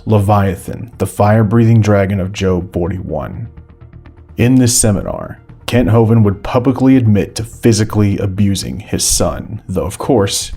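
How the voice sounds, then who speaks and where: A man reading scripted documentary narration in a measured, critical tone with deliberate pauses. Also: lowish voice, creaky, warm tone, husky. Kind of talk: scripted video-essay narration.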